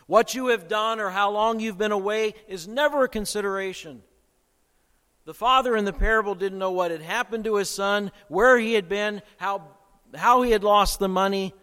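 A man preaching a sermon with dramatic swings in loudness and pace. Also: sits high. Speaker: pastor. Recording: long hall reverb.

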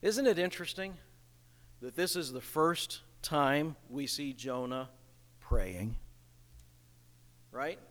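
A male pastor preaching a sermon in a church, slow and emphatic, asking rhetorical questions. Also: on the high side, a bit bright, big-room sound.

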